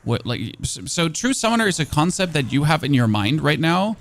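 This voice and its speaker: A man's voice: on the high side, very animated, brisk, a bit bright, no echo. A German man with a German accent, a streamer giving casual gameplay commentary and answering chat in a chatty, self-mocking way with many fillers.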